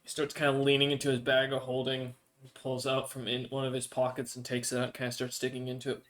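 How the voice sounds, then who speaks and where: A man's voice: mid-range voice, monotone, quick pace, fairly bright tone. A man narrating a tabletop game as game master, speaking hesitantly with many fillers.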